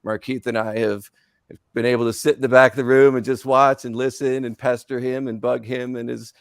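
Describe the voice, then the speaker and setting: A man's voice: mid-range voice, level tone, a little fast, no room sound, clean studio sound. A man speaking as a company executive on a webinar panel over a video call, earnest and repeating words for emphasis.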